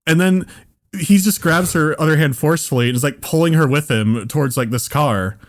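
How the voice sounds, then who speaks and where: A man's voice: a little high, fairly quick. A man co-hosting a podcast, telling a story in casual chat and laughing as he goes. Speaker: podcast co-host.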